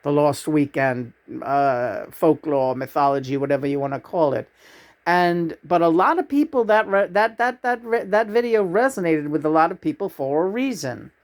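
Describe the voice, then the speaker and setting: A middle-aged man co-hosting a YouTube channel, chatting casually with lots of halting restarts. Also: fairly high pitch, animated. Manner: slow, halting, full of restarts. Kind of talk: casual chat to camera.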